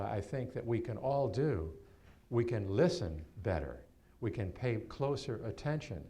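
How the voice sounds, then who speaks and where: A man in his seventies from New York, giving a keynote talk as a storyteller and telling stories with animated swings and laughter. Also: mid-range voice. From New York, USA. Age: 70s.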